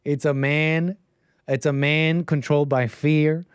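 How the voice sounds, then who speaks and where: A male call-in show host with a fairly high voice who riffs loosely on the chat and his callers, laughing now and then. His voice is close and dry, with no room sound. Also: level tone, measured pace, clean tone, no room sound. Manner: riffing and laughing between remarks. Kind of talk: casual livestream chat.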